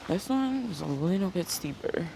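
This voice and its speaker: A woman's voice: on the low side, sing-song, normal speed, vocal fry. A woman vlogging on a wooded park trail, talking to her viewers in a chatty, emotional way. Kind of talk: casual vlog talk to camera. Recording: background music over outdoor voice.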